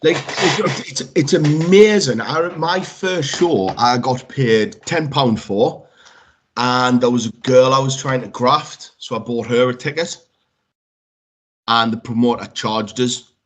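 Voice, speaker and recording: A man's voice: mid-range voice, slow. Storytelling man, swearing freely. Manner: lively storyteller, swears freely, acts out quotes. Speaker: wrestler guest. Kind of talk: casual podcast chat.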